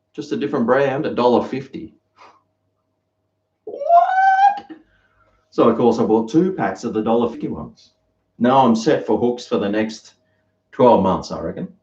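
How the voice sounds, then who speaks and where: Australian male live streamer, chatty and rambling, lively pitch, echoey lo-fi room sound. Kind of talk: casual live-stream chat. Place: home kitchen. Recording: roomy, dull lo-fi sound.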